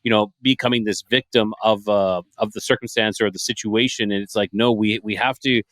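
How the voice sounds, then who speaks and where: A man's voice: fairly low pitch, fairly even intonation, a bit bright, no echo. A man hosting a podcast interview, talking casually with frequent stammers and restarts. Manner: halting, stammers and restarts, praising the guest. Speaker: podcast host.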